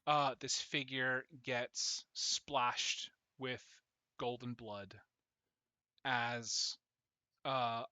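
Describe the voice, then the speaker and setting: A man narrating as dungeon master in a casual, rambling way full of fillers, with sudden loud bursts. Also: mid-range voice, dry recording. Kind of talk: narrating a tabletop game on stream.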